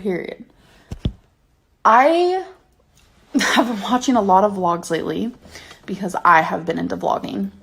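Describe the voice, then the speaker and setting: Woman, thirties, heated profane rant, deliberate slow delivery, light music underneath. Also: medium pitch. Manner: angry, profane, emphatic rant. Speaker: YouTuber. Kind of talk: heated ranting vlog.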